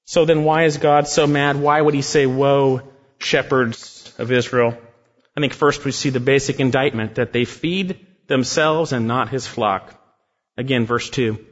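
A man's voice: medium pitch, fairly even intonation. Emphatic male preacher in a reverberant hall. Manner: emphatic, repeats phrases for weight, slows on key words. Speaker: pastor. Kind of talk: expository sermon. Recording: muffled sound with long hall reverb.

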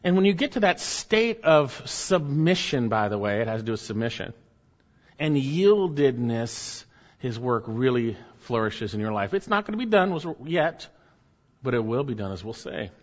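A man's voice: mid-range voice, big pitch swings, normal speed, highs cut off. Emphatic man preaching in a reverberant hall. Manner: emphatic preaching, rising and dropping to near murmurs. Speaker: pastor. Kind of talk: sermon.

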